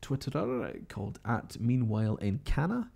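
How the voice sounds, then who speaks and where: This Scottish radio-style host runs live overnight results coverage, chatty and musing as he reads out tweets, updates and messages. He speaks at normal speed in a mid-range, sing-song voice that is creaky, dark-toned and slightly rough.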